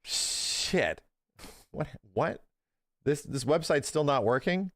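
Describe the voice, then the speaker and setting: A man's voice: mid-range voice, expressive, moderate pace, fairly bright tone, no room sound, clean studio sound. A man live-streaming, chatting casually with his viewers, rambling through opinionated takes and swearing freely.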